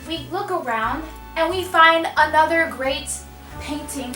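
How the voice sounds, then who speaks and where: In a casual vlog, a young woman wraps gifts while rambling, poking fun at herself, and drifting off topic. Her high-pitched voice moves at a measured pace and sounds far from the camera mic. The home room echoes, and music plays in the background.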